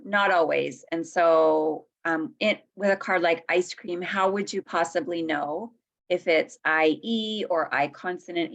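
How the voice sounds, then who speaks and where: A woman's voice: sits low, gravelly, fairly bright tone. A woman on a teacher call, thoughtfully explaining why spelling patterns help students.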